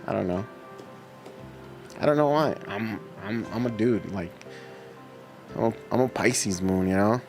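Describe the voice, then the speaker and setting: Over music, a middle-aged man with a voice on the low side speaks a little slowly, with long pauses. He hosts a livestream, reading viewer comments and chatting in a laid-back, slangy way, laughing often.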